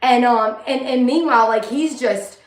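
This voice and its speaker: A woman talks straight to her viewers, blunt and unfiltered, her speech full of fillers and swearing. Her voice sits a bit high. The sound is roomy and echoey. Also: normal speed. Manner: candid, blunt, swears freely, many fillers. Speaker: vlogger sharing her story. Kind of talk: casual personal storytelling, talking to viewers.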